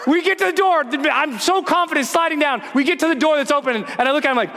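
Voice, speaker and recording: Very high-voiced and fast-talking, this motivational speaker animatedly performs the scenes and characters of his own story during a keynote on stage. A long reverb tail hangs on his words.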